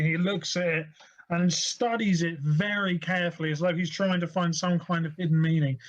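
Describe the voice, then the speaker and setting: A man narrating as game master, describing scenes wryly with fillers. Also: fairly high pitch. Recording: dull lo-fi audio.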